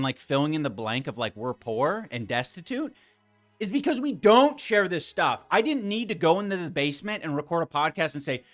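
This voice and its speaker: A man's voice: sits high, a bit bright. A man hosting a podcast stream, reacting to a clip with exasperated, sarcastic commentary and plenty of swearing.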